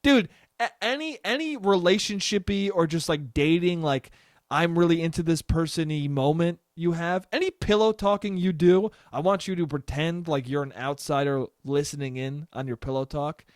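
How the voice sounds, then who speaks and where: A man's voice: on the high side, moderate pace, no echo, studio quality. A young adult man hosting a solo podcast, rambling casually with lots of swearing and frequent laughter. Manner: rambling, profane, laughs often. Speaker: podcast host.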